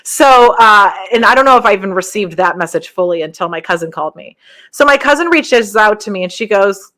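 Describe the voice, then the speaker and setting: A woman hosting a podcast, talking casually through her stories with frequent laughs and rambling asides, her voice jumping higher whenever she quotes someone. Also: animated, a little fast, fairly bright tone. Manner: jumps up in pitch when quoting others. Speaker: podcast host. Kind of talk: casual spiritual monologue.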